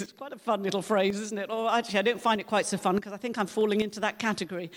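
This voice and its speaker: A middle-aged woman preaching a sermon in a church, reading scripture and retelling it with expressive, emphatic quoted voices. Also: medium pitch, racing, hardly any pauses. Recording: long hall reverb.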